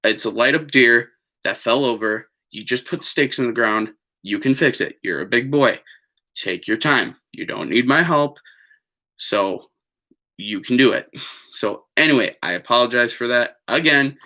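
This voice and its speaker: A man's voice: medium pitch, unhurried, sharp tone. A man telling a story on a live stream in a chatty, digressive way, with lots of fillers and apologies. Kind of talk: rambling casual storytelling.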